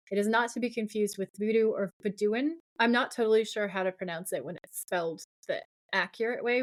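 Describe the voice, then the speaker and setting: A woman co-hosting a podcast, recapping a TV episode in casual chat with lively asides and laughs. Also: medium pitch. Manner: animated retelling, quick asides and laughs. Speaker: podcast co-host.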